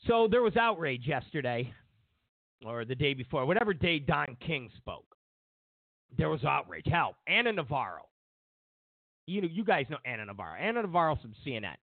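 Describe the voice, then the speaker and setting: A man's voice: fairly high pitch, sing-song, normal speed, vocal fry, no echo. A man hosting a political commentary show, rambling and digressive with a sarcastic edge. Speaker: show host. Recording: tinny phone-like dry recording.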